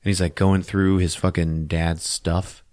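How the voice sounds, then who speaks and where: A man on a podcast excitedly retelling a movie plot, swearing freely and acting out the characters' lines in put-on voices. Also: low-pitched, measured pace, no echo, clean studio sound. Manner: profane, acts out lines in voices, laughs often. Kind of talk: animated casual movie recap.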